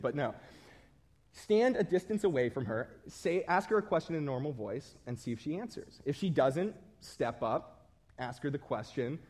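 A man's voice: a little high, expressive, moderate pace, darkish tone. A man preaching a sermon in a conversational, self-deprecating storytelling manner.

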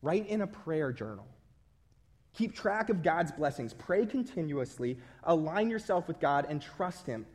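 A man's voice: on the high side, very animated, measured pace, darkish tone, breathy edge. A man preaching a sermon in a conversational, self-deprecating storytelling manner.

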